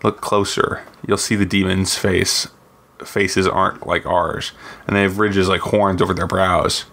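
A man voicing an older, practical male soldier, speaking in a dry, matter-of-fact way, low and gravelly. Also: little pitch movement, measured pace, fairly bright tone.

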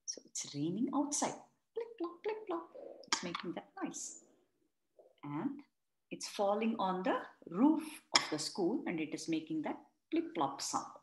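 Lively, slow-paced woman reading to kids. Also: lowish voice, a little hiss or hum. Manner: explains words and retells each page for children. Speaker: storyteller. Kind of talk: interactive children's read-along. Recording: roomy echo.

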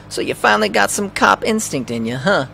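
Brief: a man voicing a rough ribbing veteran cop from a game, gravelly, animated. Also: high voice, normal speed, slight background noise, pitched above the performer's own voice, exaggerated voice. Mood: teasing. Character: gruff middle-aged male cop, teasing.

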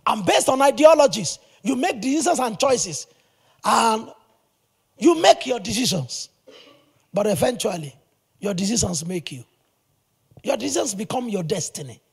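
A male pastor preaching a sermon in an animated, emphatic way, with sudden loud bursts. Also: high voice, normal speed, gravelly, pauses often, husky.

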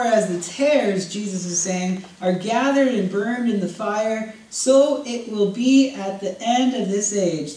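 A woman preaching a sermon to a congregation in a conversational, animated way, often acting out what people might say. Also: mid-range voice. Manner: animated, acts out quoted voices, conversational with congregation. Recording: echoey room, voice from far off.

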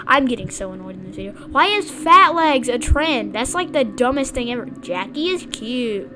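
A woman with a high, bright voice talks over a video game, excitable and blunt, cracking jokes as she plays. Faint game music hums in the background. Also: normal speed, hardly any pauses. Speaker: gamer. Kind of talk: gameplay commentary.

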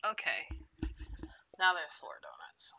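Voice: medium pitch, wildly swooping pitch, slow, vocal fry, bright, forceful tone, whispered. A streamer chatting casually on a live stream at home, muttering to themself while they cook.

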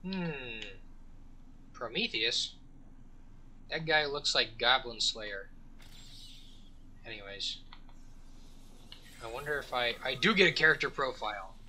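A man's voice: medium pitch, expressive, slow pace, pauses often, bright, forceful tone, a little hiss or hum. A man hosting a let's play, telling a long joke and chatting casually in a rambling way. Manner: rambling, joking storyteller with fillers and restarts. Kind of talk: casual gameplay commentary.

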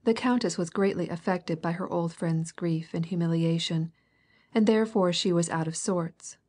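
A woman reading a classic novel as an audiobook narrator, measured and even. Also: lowish voice, slightly rough. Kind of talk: scripted narration.

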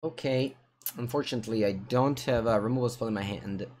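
Italian guy streaming a card game, mumbling to himself then suddenly yelling when stuff happens. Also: mid-range voice, a little fast. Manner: muttering thoughts aloud, with sudden excited outbursts. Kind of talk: live gameplay commentary.

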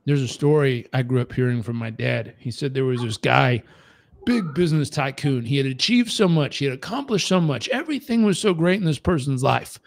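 A man's voice: medium pitch, lively intonation, fairly quick, vocal fry. A man giving a motivational talk, emphatic and stacking lists and rhetorical questions. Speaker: motivational speaker.

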